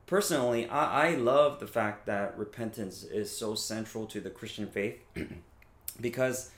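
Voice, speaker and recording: A man in his thirties preaching a sermon in a relaxed, conversational way, often checking in with his listeners. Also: on the low side, unhurried, reverberant. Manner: conversational, frequent "right?" and fillers. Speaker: pastor.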